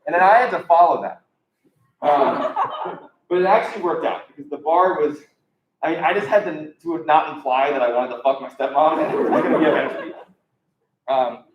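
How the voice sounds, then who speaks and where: A young man doing a live stand-up comedy set, talking casually and rambling with lots of ums. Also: medium pitch. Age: young adult. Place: live comedy show in an echoey room. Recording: echoey, dull lo-fi room recording.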